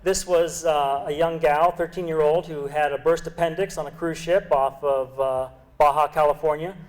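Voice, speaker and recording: A man's voice: fairly high pitch, steady tone, normal speed, rough recording. A middle-aged man, a senior Navy medical officer, giving an earnest public lecture with emphatic repetition. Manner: earnest, emphatic speech with repeated phrases. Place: club lecture hall.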